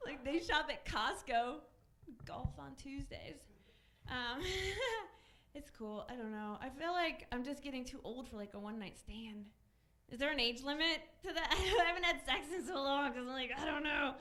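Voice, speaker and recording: A woman's voice: high voice, moderate pace, bright, forceful tone. A woman in her thirties doing a chatty stand-up set on a comedy club stage, laughing between her lines. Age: 30s.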